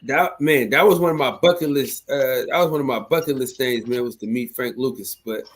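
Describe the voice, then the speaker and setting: A man hosting a casual livestream, talking in slang and shouting out viewers in the chat. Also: mid-range voice, brisk, slight background noise. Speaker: show host.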